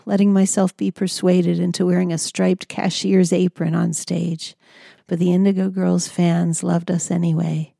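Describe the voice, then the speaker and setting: Gravelly, low-voiced woman narrating a memoir. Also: warm tone, dry recording, studio quality.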